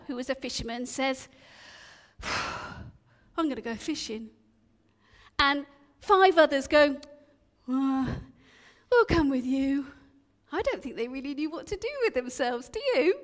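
A woman telling stories in a sermon to a church congregation, chatty and lively, asking her listeners questions as she goes. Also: high-pitched. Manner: animated, chatty, asks the audience questions. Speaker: preacher leading an all-age church talk. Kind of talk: storytelling sermon. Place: church hall. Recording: long reverb of a church.

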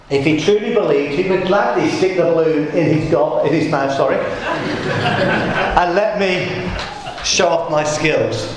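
A man preaching a sermon to a congregation, telling jokes and stories in a playful, lively way. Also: high voice, background noise. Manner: jokey, lively storytelling. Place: church. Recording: echoey church room.

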